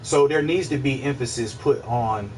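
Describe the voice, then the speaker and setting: A man hosting a casual livestream, musing out loud in a rambling, profane way, repeating himself and answering his chat. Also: mid-range voice, moderate pace, distant mic, slight background noise, rough recording. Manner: rambling, profane, repeats himself, asks listeners if they follow. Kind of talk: casual philosophical monologue.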